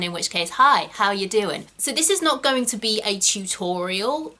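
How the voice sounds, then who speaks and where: Young Southern English woman, bright middle-pitched voice, chatty host teaching a casual lesson. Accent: Southern English (Kent, Estuary). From England. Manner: chatty, quick asides and emphatic stress. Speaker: actor and channel host.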